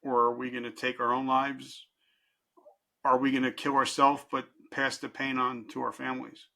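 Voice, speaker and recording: A middle-aged man telling his own story as a podcast guest, candid and intense, swinging from loud to hushed. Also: mid-range voice, level tone, normal speed, creaky. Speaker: podcast guest, life coach. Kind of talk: emotional personal storytelling.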